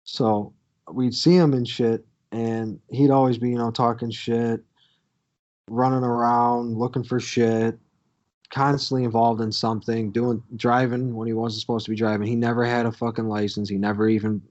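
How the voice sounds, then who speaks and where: A man's voice: mid-range voice, little pitch movement, normal speed, a little mellow, highs cut off. A man co-hosting a podcast, telling a crude, swear-filled story from his youth in a casual way. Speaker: podcast co-host.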